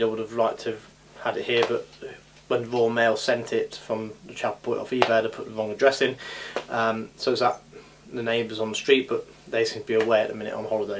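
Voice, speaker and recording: Chatty man, ums and uhs. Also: mid-range voice. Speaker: scale model hobby vlogger. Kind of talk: casual rambling vlog. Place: home hobby room. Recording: audible background noise.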